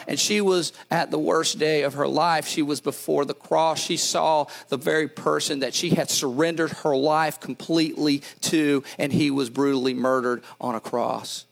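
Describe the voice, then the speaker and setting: Middle-aged male pastor, fairly high voice, lively stop-start sermon delivery with corny jokes. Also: moderate pace, creaky, few pauses. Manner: animated, repeats words and restarts, tells dad jokes.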